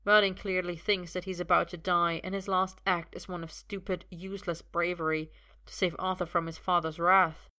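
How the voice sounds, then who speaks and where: A woman narrating a dramatic story in a steady, measured reading voice. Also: on the low side. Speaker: audiobook narrator. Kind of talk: dramatic fan-fiction reading.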